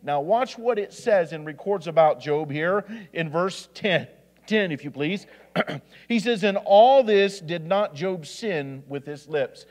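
A man's voice: on the high side, expressive, slow, darkish tone. A man, an assistant pastor from Indiana, preaching a sermon, reading scripture aloud with restarts and asides. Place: church sanctuary. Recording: church hall with long reverb.

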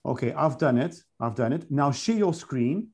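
A man's voice: medium pitch, lively intonation, normal speed, crowd noise. A man moderating an online session, patiently and insistently repeating instructions. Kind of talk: giving instructions on a video call.

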